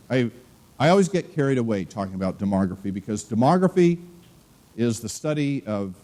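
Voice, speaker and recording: A man's voice: mid-range voice, darkish tone. A middle-aged man, an economics professor, giving a conference lecture with frequent fillers and restarts. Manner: halting, many uh fillers and restarts. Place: conference room.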